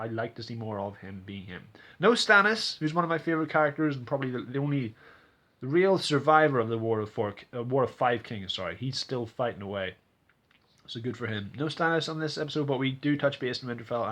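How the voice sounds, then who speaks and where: A man talks through a TV episode in a loose, rambling recap, full of "you know" and restarts. His voice is bright and forward. Now and then he bursts into loud, high, exaggerated impressions of the characters. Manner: animated, acts out characters' lines in exaggerated voices; rambling with frequent fillers and restarts. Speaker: TV episode reviewer. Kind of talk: casual recap and commentary.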